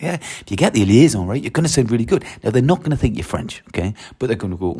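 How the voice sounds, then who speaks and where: Man, French teacher, chatty, enthusiastic, low voice, husky tone. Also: fast talker, mellow. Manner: chatty and enthusiastic, reading French examples aloud. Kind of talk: casual explanation to camera.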